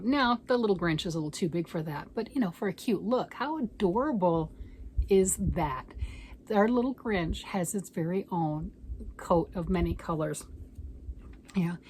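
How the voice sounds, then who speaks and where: A woman's voice: on the low side, a little hiss or hum. A woman vlogger in casual, rambling chat, showing off her craft projects and gushing over them.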